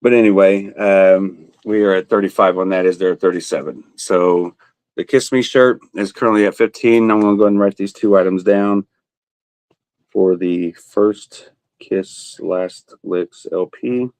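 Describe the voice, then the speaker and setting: A man's voice: low-pitched, steady tone, brisk, a little mellow, no room sound, low-quality recording. A man running a casual live auction, joking and laughing as he calls out bids and buyers by name. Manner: joking, laughs often, self-teasing. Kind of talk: casual livestream auction chat.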